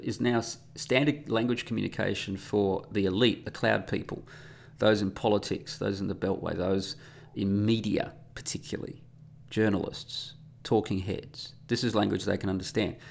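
A man's voice: lowish voice, vocal fry. A man hosting a casual solo podcast, talking in a sarcastic, mocking, rambling way. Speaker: podcast host.

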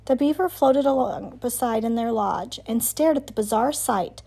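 A woman with a high, light voice reads a children's novel aloud. Her narration is clear and steady, with an even storytelling rhythm. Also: normal speed.

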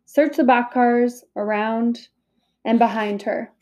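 A woman's voice: on the high side, takes it slowly, a little mellow, dull audio. Woman playing a curt, suspicious thin guard. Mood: commanding. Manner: curt, commanding. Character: stern, suspicious thin male soldier guard.

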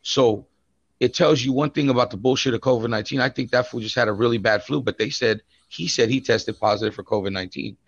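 A man's voice: mid-range voice, quick pace, dry recording. A man co-hosting a podcast tells a long story in loose, profane casual chat, calling his friend "bro" again and again. His voice sits in a middle range. The recording is dull and lo-fi, with a dry sound. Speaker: podcast co-host.

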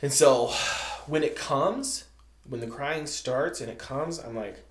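A man's voice: medium pitch, slow. Candid male podcaster in a roomy space. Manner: open, searching, restarts often, laughs while talking. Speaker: podcast co-host. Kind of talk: casual chat.

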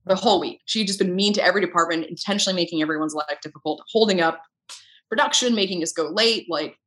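A young adult woman, a podcast guest from film set crew, telling a story in a lively, casual way, acting out dialogue and laughing often. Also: on the low side, fast. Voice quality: animated, acts out dialogue in quoted voices, laughs often.

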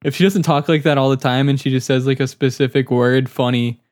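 A man's voice: mid-range voice, steady tone, brisk, a little mellow, no echo, studio quality. A young man co-hosting a crude podcast chat, joking, laughing a lot and filling his talk with "like". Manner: jokey, laughs a lot, full of "like". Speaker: podcast co-host.

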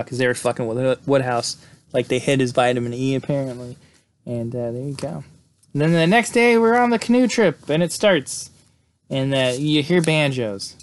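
A man casually recapping a horror movie's plot, rambling with lots of fillers and acting out the characters' lines. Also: medium pitch. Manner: rambling, many fillers, acts out quotes. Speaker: movie reviewer.

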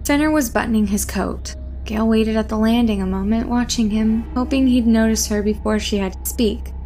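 A woman's voice: on the high side, normal speed, mellow, faint music behind. Woman reading a suspenseful horror story. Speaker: narrator. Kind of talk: scripted narration of a horror story.

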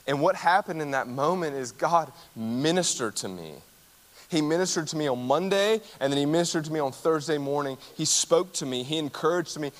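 Animated preacher man in a reverberant hall. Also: mid-range voice. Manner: conversational, animated storytelling preacher. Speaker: campus ministry speaker. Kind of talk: sermon with personal story.

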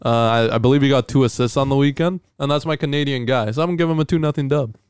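Crisp-voiced man joking through football picks. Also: mid-range voice, rapid-fire, darkish tone, no room sound, studio quality. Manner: playful, drops football trivia. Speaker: podcast co-host. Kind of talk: casual sports prediction chat.

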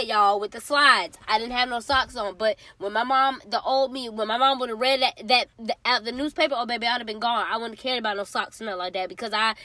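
Bright-voiced woman giving spoken testimony. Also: fairly high pitch, no echo. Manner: animated, emphatic, talks straight to listeners. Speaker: host sharing her testimony.

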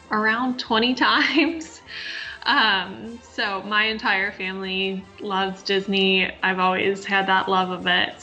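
A woman's voice: medium pitch, pushed and bright, highs cut off. A young woman from Ohio, a guest on a podcast, answering in a friendly, casual way and laughing easily. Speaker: interview guest. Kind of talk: casual interview chat.

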